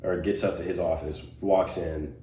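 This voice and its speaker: A low-voiced young man rambling through a story in a roomy space, set back from the mic with faint noise behind him. He tells it as casual podcast chat, heavy with fillers and swearing, and he speaks on the low side. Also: fairly even intonation, normal speed, warm tone, recorded from a distance. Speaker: podcast co-host.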